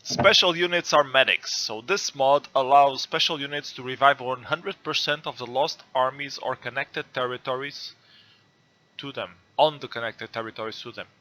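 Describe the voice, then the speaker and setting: Bright-voiced man, non-native English speaker. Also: mid-range voice, normal speed. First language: not English. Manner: hesitant, thinks aloud while reading rules. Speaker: host. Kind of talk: casual gaming chat.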